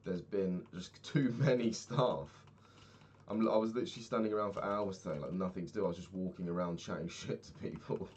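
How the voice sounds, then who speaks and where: Low-voiced young man rambling casually. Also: a little fast, a little mellow, muffled recording, a little hiss or hum. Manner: rambling, swears freely, laughs often. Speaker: vlogger. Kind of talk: casual video-diary chat while gaming.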